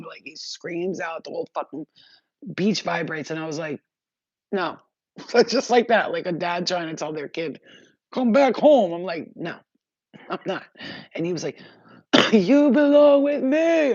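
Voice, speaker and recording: A woman telling spiritual stories in a casual, animated and profane way, often laughing. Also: sits low, no room sound, dull audio. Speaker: spiritual vlogger. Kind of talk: casual storytelling.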